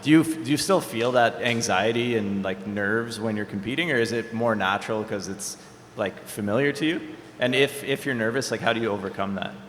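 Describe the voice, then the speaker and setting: A man hosting a Q&A at a skate event, reading out audience questions in a relaxed, joking way. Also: on the low side, a little fast, a little hiss or hum. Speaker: Q&A host. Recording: echoey hall, faint ambience.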